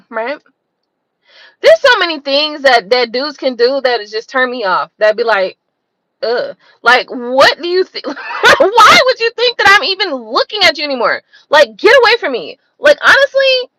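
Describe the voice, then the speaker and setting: A woman's voice: high-pitched, sharp tone, dry recording, low-quality recording. A woman hosting her own channel, ranting in a blunt, profane, exasperated way full of rhetorical questions. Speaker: tarot reader and channel host. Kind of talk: unscripted livestream rant.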